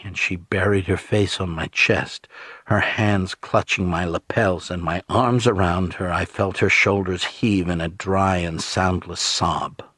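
A man narrates an audiobook in the first person with measured, steady storytelling. His deep voice moves at an unhurried pace. The close studio mic gives a dry sound with no room around it. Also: husky, dry recording.

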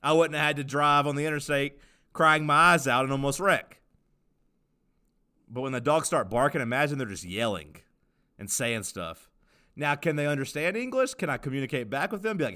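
A man's voice: on the high side, animated, fairly quick, pushed and bright. A man co-hosting a podcast, rambling and joking in casual chat. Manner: rambling, joking, lots of fillers. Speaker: podcast co-host.

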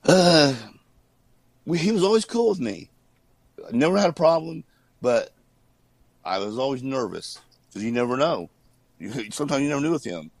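A man, a former wrestler, telling stories in a casual interview, animated and laughing often while he acts out what people said. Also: medium pitch, moderate pace, vocal fry, long pauses, dry recording, rough recording.

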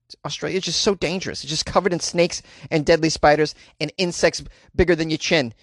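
A wisecracking man reads news items and riffs on them with sarcasm. His voice sits a little high, and he laughs at his own jokes. The recording is dry and close. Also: fairly even intonation, fast talker, dry recording. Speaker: comedic news commentator. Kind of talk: reading news with joking commentary.

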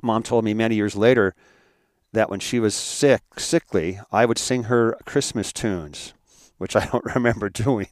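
A man telling a painful personal story in a motivational talk, halting and repeating words as he speaks heartfelt. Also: lowish voice, dry recording, studio quality.

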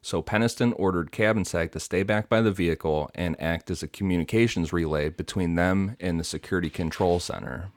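A man's voice: deep voice, brisk, hardly any pauses, no echo. A man hosting a podcast, retelling a story from notes with casual asides and fillers. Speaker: podcast host telling the story.

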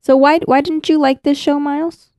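A woman co-hosting a casual podcast chat, relaxed and agreeable, with many "like"s and "yeah"s. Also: sits high, normal speed, dry recording, clean studio sound. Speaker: podcast co-host. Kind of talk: casual chat about an anime.

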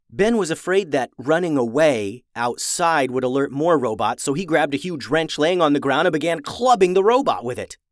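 A man reading a children's story aloud, expressive and animated. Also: on the high side, dry recording, clean studio sound. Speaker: narrator.

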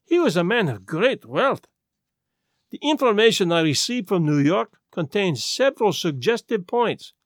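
A man's voice: high voice, big pitch swings, dry recording, clean studio sound. A man doing a placid, fussy little detective. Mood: grave. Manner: gentle, measured, lecturing. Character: small fussy male detective, placid and self-assured.

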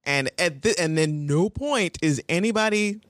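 Podcast co-host, casual recap chat, animated and quick to act out lines, dry close mic. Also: mid-range voice, no room sound. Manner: animated retelling, acts out characters' lines; frequent fillers and restarts, laughs often.

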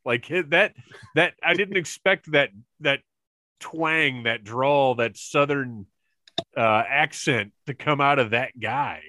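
A man co-hosting a casual fan podcast, telling stories in an excitable, animated way with quick asides over a remote call mic. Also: mid-range voice, dry recording, studio quality. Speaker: podcast co-host.

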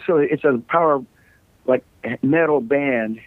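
This is a casual interview with a middle-aged American rock singer whose voice is a little scratchy, medium in pitch, and moderately paced. He rambles and jokes through stories as a guest, and the call line sounds dry and tinny with no room sound.

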